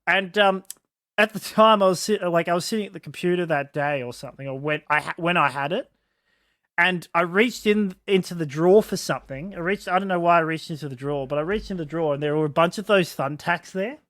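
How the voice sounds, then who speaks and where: A man with a notably high voice tells a casual story on a podcast. He halts, restarts and acts out what people said. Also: a bit bright. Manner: halting, restarts often, acts out quotes. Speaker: podcast co-host.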